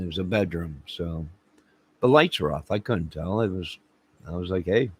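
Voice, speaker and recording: Channel host, male, low husky voice; slow, rambling comic storyteller who acts out quotes. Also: lively intonation, no room sound. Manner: laughs at own jokes, acts out quotes. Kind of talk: rambling comic anecdote to camera.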